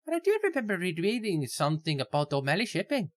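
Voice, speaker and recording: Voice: medium pitch, wildly swooping pitch, quick pace, voice pushed up. A game player reading the lines of a young woman history student in a put-on, stereotypical Irish accent. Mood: polite. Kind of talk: voicing game dialogue while playing.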